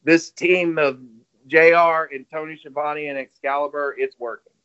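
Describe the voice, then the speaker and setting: A man's voice: fairly high pitch, steady tone, normal speed, a bit bright, clear, resonant tone. A man co-hosting a casual wrestling podcast, rambling, swearing and laughing as he retells what others said. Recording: dull lo-fi audio.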